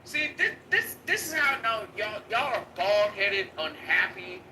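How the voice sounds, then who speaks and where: A man's voice: high voice, very animated, measured pace, bright, forceful tone, recorded from a distance. A male host in a heated live argument, talking aggressively and mockingly, repeating his jabs and swearing heavily. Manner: aggressive, mocking, repeats phrases, heavy profanity. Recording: noisy live stream audio.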